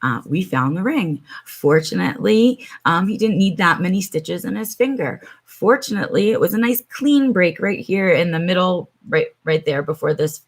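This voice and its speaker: A woman's voice: lowish voice, lively intonation, moderate pace, few pauses. A middle-aged woman chatting on her live stream from home, telling a long story with many ums and asides to her viewers.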